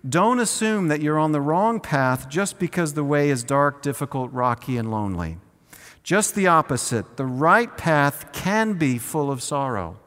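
Earnest preacher in a reverberant hall. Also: male voice, on the high side, very animated, a bit bright. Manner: earnest preaching, slows on key phrases, leads congregation in repeating lines. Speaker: pastor. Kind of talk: sermon.

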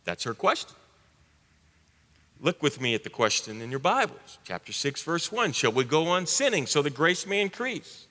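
A male pastor preaching a sermon, swinging between loud emphatic bursts and hushed low lines. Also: sing-song, normal speed. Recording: long hall reverb.

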